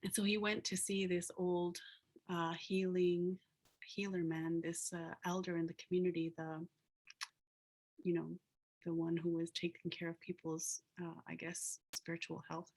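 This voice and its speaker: A woman's voice: on the low side, little pitch movement, unhurried, darkish tone. Casual storytelling woman speaker. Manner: casual, fills with "like" and "you know". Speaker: guest speaker, planner. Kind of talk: storytelling talk. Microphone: video call.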